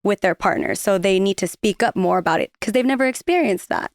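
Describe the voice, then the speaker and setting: A woman's voice: mid-range voice, brisk, no room sound, studio quality. A woman on a podcast, chatting casually and explaining her points with quoted asides. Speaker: podcast guest. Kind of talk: casual chat.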